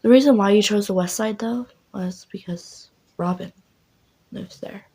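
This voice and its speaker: A woman's voice: medium pitch, measured pace, warm tone, husky, poor audio. A young woman rambling through a second-person story with many fillers, in whispered role-play.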